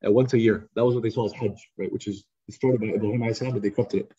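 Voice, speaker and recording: A man teaching a youth study circle in a lively, conversational storytelling style, acting out quotes over a video call. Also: lowish voice, very fast, breathy edge. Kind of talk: casual storytelling lesson. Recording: slightly muffled lo-fi recording.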